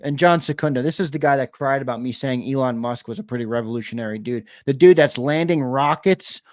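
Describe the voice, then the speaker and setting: A man's voice: medium pitch, brisk, darkish tone, dry recording, clean studio sound. A man co-hosting a sports talk show, arguing his takes bluntly and repeating his point. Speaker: sports podcast co-host. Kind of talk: heated sports talk chat.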